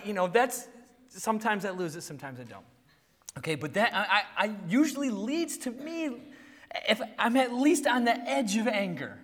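A man in his thirties preaching a sermon, telling animated stories about his kids and acting out yelling at them. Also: high voice, long reverb tail. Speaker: pastor.

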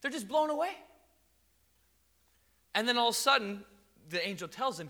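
A man preaching a sermon in a lively, conversational storytelling way. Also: very high-pitched, normal speed, pauses often. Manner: animated, conversational storytelling with acted quotes. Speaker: pastor.

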